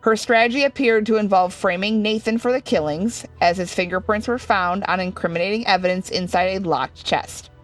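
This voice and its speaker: Soft music plays behind a young woman with a medium-pitched voice as she briskly narrates a horror game, hardly pausing. In this casual let's-play, she reads the on-screen text aloud and tosses in jokes.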